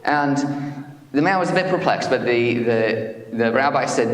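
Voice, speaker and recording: A man of middle pitch leads a chapel service. He reads the prayers slowly and evenly, then tells a story with plenty of ums and uhs. The sound carries a long, roomy echo. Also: expressive. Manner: slow, measured prayer reading; hesitant fillers when speaking freely. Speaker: minister. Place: chapel hall. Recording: echoey hall.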